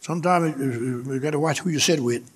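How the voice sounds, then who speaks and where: A man's voice: mid-range voice, a little fast, slight background noise. A male pastor, preaching a sermon that swells in emphasis, with repetition and calls out to the congregation.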